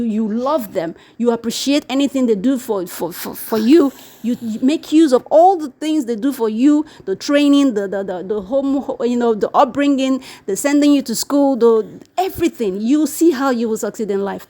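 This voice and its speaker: A woman vlogger chatting casually to camera, animated and repetitive, acting out the people she quotes. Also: fairly high pitch, moderate pace, hardly any pauses. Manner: animated, repeats words, mimics quoted people. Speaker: YouTube vlogger. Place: living in Brazil.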